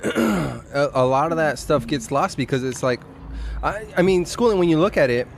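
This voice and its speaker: A man's voice: on the high side, expressive, normal speed, vocal fry. A man hosting a podcast, musing thoughtfully in a casual conversation. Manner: reflective, muses on life and culture. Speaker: podcast host. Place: outdoor restaurant patio at night.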